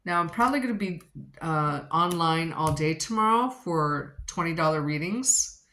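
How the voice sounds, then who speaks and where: A woman's voice: low-pitched, expressive, normal speed, bright, forceful tone. A woman giving a rambling, chatty tarot reading, repeating her questions to the cards and a little out of breath. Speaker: tarot reader.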